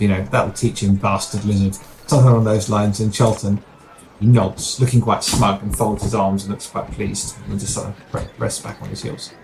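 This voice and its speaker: A man's voice: on the low side, gravelly, darkish tone, a little hiss or hum, poor audio. A man narrating his character's actions in a tabletop game, wry and descriptive, with fillers.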